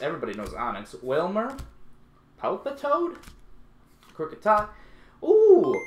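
Excitable man unboxing cards, echoey room. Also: slight background noise. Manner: excitable, playful, self-mocking, voice jumps high when excited. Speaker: YouTube unboxing host. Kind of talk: casual unboxing commentary.

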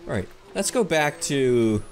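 A man's voice: medium pitch, big pitch swings, measured pace, darkish tone, faint music behind. A man giving sarcastic, joking commentary while playing a horror game, talking back to the characters and yelping and swearing when startled. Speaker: gaming video host. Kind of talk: let's play commentary.

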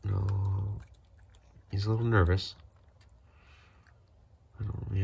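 A man's voice: fairly low pitch, steady tone, moderate pace, vocal fry, pauses often, slightly rough. A man filming a casual vlog at home, talking to his cats in coaxing baby talk and often dropping to a whisper. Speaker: cat owner filming his pets. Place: home by a sliding door.

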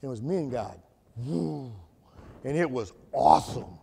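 A man's voice: mid-range voice, animated, measured pace, gravelly, dark tone, husky. A man telling his story as a sermon testimony in a church, in a folksy, colloquial way. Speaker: guest speaker giving testimony. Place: church sanctuary. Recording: echoey church hall reverb.

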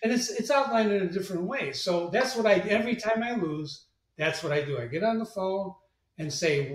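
Animated middle-aged man telling stories. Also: sits high, moderate pace. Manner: animated, acts out quoted voices. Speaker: marketing agency president, guest. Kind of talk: anecdotal interview storytelling. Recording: echoey room, distant mic.

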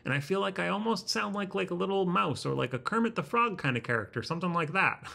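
A man talking to his laptop camera in a house, halting and self-deprecating, searching for his words, with a slightly constricted sound in his throat. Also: high-pitched, animated, vocal fry, pushed and bright. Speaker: vlogger. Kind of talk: rambling self-conscious vlog. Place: indoors in a house. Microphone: laptop webcam.

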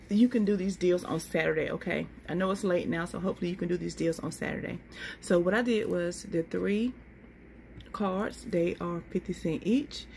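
With a fairly low, creaky, somewhat mellow voice, a woman vlogger gives a chatty, casual walkthrough of coupon deals to camera. She lists prices item by item and says "y'all," with slight background noise present.

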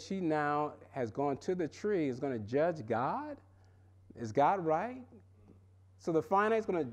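Man, pastor, high-pitched voice, lively sermon delivery that jumps between loud highs and quiet lows, chapel setting. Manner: animated preaching, swings from loud and high to low and quiet. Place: seminary chapel.

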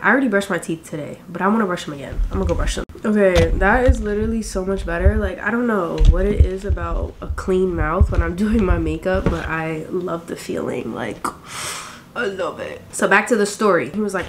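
A woman in her twenties chatting casually to camera while doing her makeup, animated and full of quick asides. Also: fairly low pitch, background noise. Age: 20s. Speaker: vlogger.

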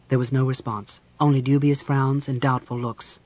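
A man reading a fantasy audiobook aloud in a measured storytelling manner. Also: medium pitch, flat delivery, a little mellow, no room sound. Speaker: audiobook narrator. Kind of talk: scripted fantasy narration.

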